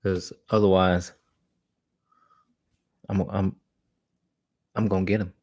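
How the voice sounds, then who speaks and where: A man's voice: sits low, flat delivery, slow pace, a little mellow. A man who trains dogs, answering viewer questions in a live Q&A in a blunt, casual way with frequent restarts. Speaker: dog trainer. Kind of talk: live Q&A talk.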